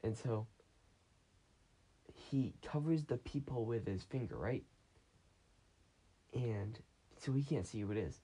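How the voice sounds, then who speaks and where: A man's voice: medium pitch, unhurried, long pauses, mellow, husky. A man hosting a casual podcast, retelling a story in a rambling way with many restarts, recorded on a phone. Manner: meandering, full of restarts and acted quotes. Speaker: podcast host.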